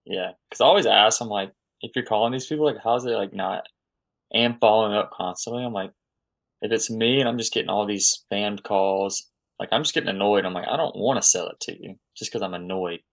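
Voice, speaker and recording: A man co-hosting a casual podcast chat, relaxed and full of fillers. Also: lowish voice, brisk, vocal fry. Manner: relaxed, filler-heavy, lots of "like".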